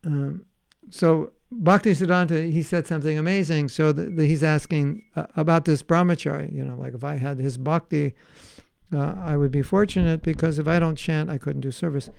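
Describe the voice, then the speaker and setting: Gravelly American man teaching playfully. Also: a little high, fairly even intonation, normal speed, a little mellow, no echo. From United States. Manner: playful, acts out little dialogues and laughs often. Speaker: spiritual teacher. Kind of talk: online class with questions and answers.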